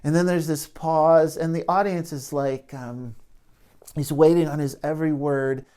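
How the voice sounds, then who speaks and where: A man's voice: a little high, steady tone, a little slow, warm tone, smooth. A man speaking as a therapist in an educational talk to camera, reflective and searching for his words as he goes.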